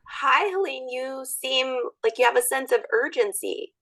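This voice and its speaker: A woman workshop participant who speaks hesitantly, with pauses. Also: sits high, animated, fairly bright tone, rough recording.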